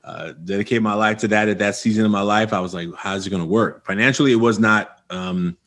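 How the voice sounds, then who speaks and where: Lively storytelling man, low voice. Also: quick pace. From Oakland, California. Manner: animated storyteller acting out past dialogue. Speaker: guest. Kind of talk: storytelling interview.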